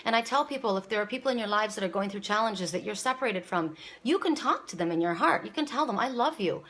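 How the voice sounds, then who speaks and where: A woman's voice: medium pitch, animated, fast, a bit bright. A woman giving a casual, rambling spoken oracle reading, repeating her words and near tears at times. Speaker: psychic reader. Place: home, seated.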